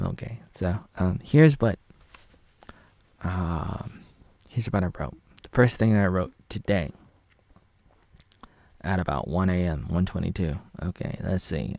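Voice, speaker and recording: A man's voice: sits low, a little slow, creaky, long pauses, a little mellow, dry recording. A man in his thirties from Oregon, USA, rambling through a casual monologue and correcting himself as he reads his own posts aloud. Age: 30s. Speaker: vlogger.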